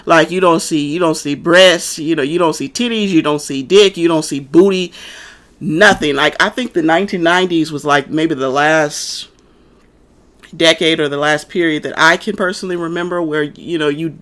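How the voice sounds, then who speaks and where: A woman's voice: deep voice, moderate pace, fairly bright tone. A woman rants casually about a film. She talks bluntly and swears freely. She wanders through her points with many fillers and restarts. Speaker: movie reviewer. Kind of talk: casual rant.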